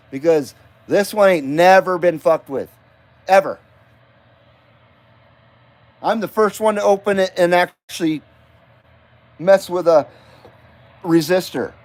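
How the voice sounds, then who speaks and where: A man with a fairly high voice hosts a casual late-night live stream, rambling from topic to topic. His talk is loose and sprinkled with profanity. He keeps breaking off to greet his viewers by name. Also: a little mellow. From Nevada, US.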